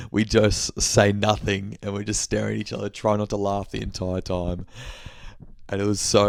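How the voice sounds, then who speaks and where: A young man chats through a rambling, sweary story in a casual podcast check-in. His voice sits low and flat with a gravelly edge. The sound is dry and close, with no room echo. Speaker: podcast host. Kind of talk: casual monthly check-in chat.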